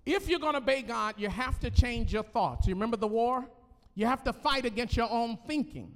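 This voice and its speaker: A male pastor preaching a sermon in a church, animated, with call-and-response and laughing asides. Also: extremely high pitch, fairly quick, long reverb tail.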